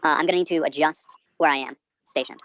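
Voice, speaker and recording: A man's voice: on the high side, fairly even intonation, quick pace, bright, forceful tone. A male comedian in his twenties hosting a podcast, rambling through tangents in a self-deprecating way.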